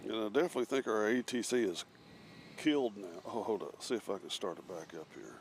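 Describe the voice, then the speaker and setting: Outdoors near an airport, a man hosts a live planespotting stream, commenting casually and reading out messages from chat. His fairly low voice is animated and brisk, with a little hiss or hum in the audio.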